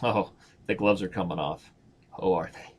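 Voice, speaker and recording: A man's voice: deep voice, normal speed, darkish tone, slight background noise. A man streaming blitz chess and commenting on his own moves in a playful, slangy way.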